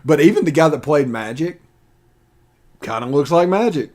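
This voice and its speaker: A man's voice: a little high, lively intonation, normal speed, a little mellow. A man co-hosting a sports podcast in teasing, casual chat. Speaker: podcast co-host.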